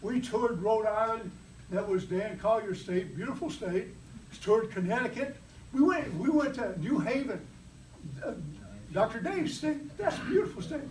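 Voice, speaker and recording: A man's voice: high voice, expressive, normal speed, darkish tone. A man giving a humorous prepared speech at a club meeting, playfully teasing the audience with mock examples. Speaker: club speaker. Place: meeting room. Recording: roomy, from far off, faint background noise.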